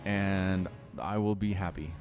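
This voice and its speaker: A man's voice: low-pitched, slow, soft background music. A man commentating a strategy game replay in a chatty way, talking straight to his viewers. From United States. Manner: animated, chatty, addresses viewers directly. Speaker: esports caster.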